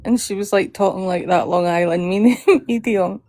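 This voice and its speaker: A woman's voice: mid-range voice, normal speed, warm tone, faint music behind. A woman hosting a livestream, telling stories with lots of giggling. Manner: giggly storytelling. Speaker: livestream host. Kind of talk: casual chat.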